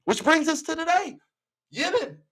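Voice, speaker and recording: A man's voice: extremely high pitch, big pitch swings, moderate pace, a bit bright, low-quality recording. Male host delivering a heated, swearing rant from home. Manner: angry, profane, heavy emphasis. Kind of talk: ranting commentary. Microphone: home setup.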